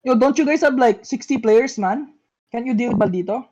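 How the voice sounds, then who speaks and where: A woman's voice: a little high, fairly quick, a little mellow, muffled recording. A young woman calling shots in game voice chat, repeating urgent commands with exasperation. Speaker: shotcaller.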